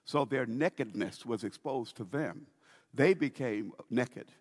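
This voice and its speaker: A man preaching a sermon as pastor, in an emphatic, drawn-out style with frequent restarts and repeated words. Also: mid-range voice, husky. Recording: long reverb of a large hall.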